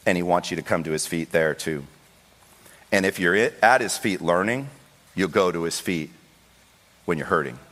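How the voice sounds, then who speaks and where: A male pastor preaching a sermon with passion, acting out the voices in the Bible story and rising to high, pleading cries. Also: animated, normal speed, long pauses, a bit bright. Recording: long hall reverb.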